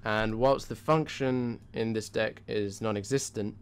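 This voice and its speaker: A man with a fairly low voice talks through card picks in a relaxed gaming chat. He muses and reasons out loud, weighing each option in an easygoing, conversational way. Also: a little slow, smooth. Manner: musing, reasons things out aloud. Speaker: co-host.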